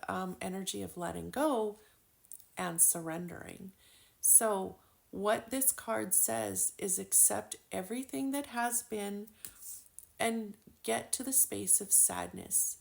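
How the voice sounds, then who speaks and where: A woman's voice: medium pitch, vocal fry. A woman giving a casual spiritual lesson with oracle cards, chatty and full of fillers, swearing now and then. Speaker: spiritual card reader.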